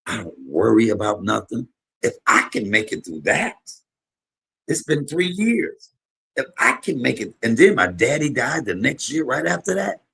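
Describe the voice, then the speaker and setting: A man hosting a livestream, giving an emotional, preacher-like testimony to his viewers, shifting from low murmurs to high exclamations. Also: very animated, normal speed, creaky, bright, forceful tone, breathy edge. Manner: preacherly, call-and-response to viewers. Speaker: livestream host, comedian.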